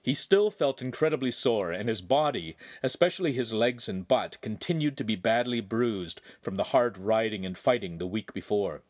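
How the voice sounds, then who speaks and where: Male audiobook narrator, lively pitch, dry close sound. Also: normal speed, few pauses, no room sound. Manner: expressive storytelling. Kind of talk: scripted narration.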